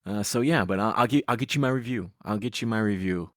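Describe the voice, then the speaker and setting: A man's voice: lowish voice, fast talker, no echo, studio quality. A man co-hosting a podcast, recapping wrestling in casual chat with sarcastic jokes. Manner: sarcastic, animated joking. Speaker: podcast co-host.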